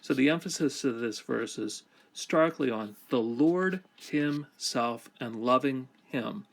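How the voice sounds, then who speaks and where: A man with a gravelly edge to his voice teaches Hebrew grammar at an unhurried pace. He reads the verse phrase by phrase and then explains each form in a measured, deliberate way. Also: mid-range voice. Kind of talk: slow, measured scripture lesson.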